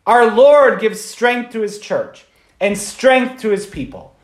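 A man's voice: sits high, lively intonation, takes it slowly, roomy sound. A man, a Catholic priest, giving an informal Sunday homily in a conversational way, often checking in with "right?".

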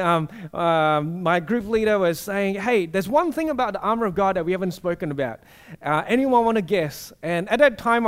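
A man preaching a sermon with animated storytelling, acting out voices. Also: very high-pitched, smooth.

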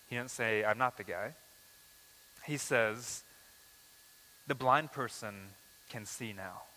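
A man delivers a sermon in a bright, forceful voice, with a long hall reverb trailing each phrase. He keeps it conversational, acting out quoted speech and changing pace often. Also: medium pitch. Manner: conversational preaching, acts out quoted lines, uneven pace. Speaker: pastor.

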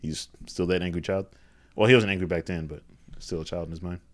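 Deep-voiced, quick-talking joking man. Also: steady tone. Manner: jokey, laughs often, quick asides. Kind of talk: casual movie recap chat.

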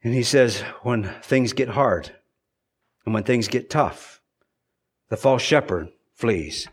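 A man's voice: mid-range voice, expressive, slow pace, slightly rough. A man preaching a sermon as pastor, earnest, often repeating and restarting phrases for emphasis.

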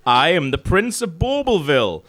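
A man's voice: a little high, big pitch swings, moderate pace, fairly bright tone. A man voicing a boastful, cheeky pantomime prince in a comedy sketch, grandstanding as he speaks.

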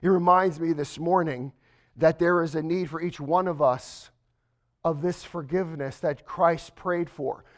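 A man preaching a sermon to a congregation, dropping to a hush and then building to slow, emphatic lines. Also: fairly high pitch, steady tone. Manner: swings from hushed to emphatic, slows for stress. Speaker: pastor.

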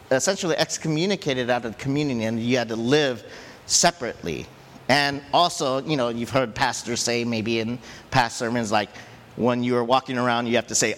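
A man preaching a sermon as pastor, animated and chatty, often laughing and jumping up in pitch to stress a point. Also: big-room sound, slight background noise.

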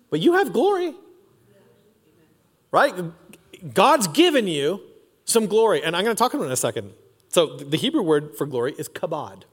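A man in his forties preaching a sermon in a casual, slangy storytelling way, recorded in a church auditorium. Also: high voice. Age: 40s. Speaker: pastor. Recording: long reverb of a large hall.

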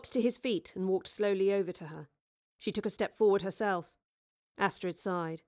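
A woman reading a novel aloud in measured, even scripted narration, close to the microphone. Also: mid-range voice, dry recording. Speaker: audiobook reader.

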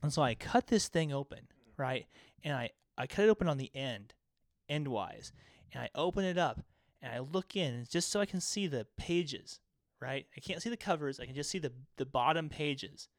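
A man co-hosting a casual podcast chat, his voice sitting a little high for a man. He tells stories with lots of animation and swears freely. The close mic sounds dry, with no room sound at all. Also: lively intonation, normal speed, dry recording. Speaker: podcast co-host.

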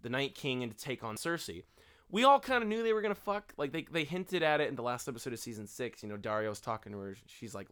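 Animated young man ranting casually. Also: medium pitch, fast talker. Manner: animated, profane, quotes characters in mocking voices. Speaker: podcast co-host. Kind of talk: casual chat.

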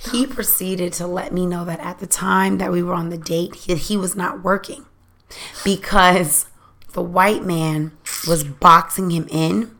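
A young adult woman telling a candid, profane dating story in a casual, animated chat. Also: on the low side, a little slow, gravelly.

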